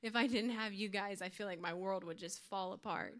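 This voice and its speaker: A woman's voice: medium pitch, brisk, fairly bright tone. A young woman giving an earnest, informal youth sermon to her church group, with light laughs. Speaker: youth speaker.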